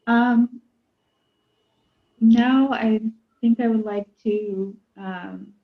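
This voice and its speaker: A woman's voice: fairly high pitch, fairly even intonation, extremely slow. A woman player speaking hesitantly, with fillers. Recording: tinny phone-like call line.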